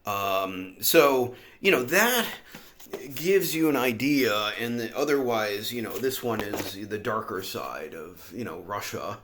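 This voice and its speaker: A man's voice: fairly low pitch, animated, slow pace, roomy sound, noisy background. A man vlogging in a rambling, sardonic monologue full of fillers and asides. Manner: sardonic, filler-heavy, meandering.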